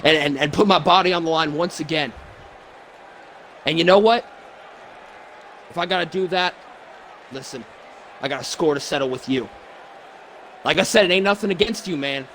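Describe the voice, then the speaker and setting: A man's voice: on the high side, a bit bright, slight background noise. A man playing a weary, stammering wrestler. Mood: earnest. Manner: halting, stammering restarts. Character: weary, emotional male wrestler, middle-aged, soft-spoken. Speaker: fan performer voicing a pro wrestler. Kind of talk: wrestling promo role-play.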